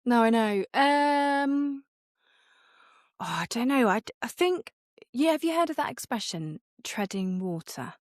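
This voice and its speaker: A woman's voice: on the high side, animated, unhurried, no echo, studio quality. A middle-aged woman co-hosting a podcast as the mother, chatting casually and laughing at herself. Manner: chatty, self-mocking, laughs often. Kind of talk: casual chat.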